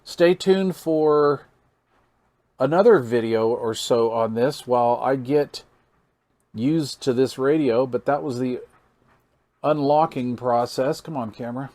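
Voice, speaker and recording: A man's voice: mid-range voice, slow pace, mellow. A man hosting a casual hands-on radio gear demo, folksy and amazed, thinking aloud while he reads meters and counts into the mic. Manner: counts into the mic during test calls. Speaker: radio hobbyist channel host.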